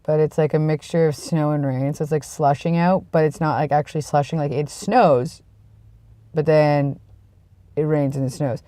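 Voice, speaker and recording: A vlogger with a cold, sniffly and tired, chatting casually to the camera in a rambling, self-deprecating way that trails off into low mumbles. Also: steady tone, normal speed, warm tone, no room sound. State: sick with a cold, sniffly and congested; tired and yawning.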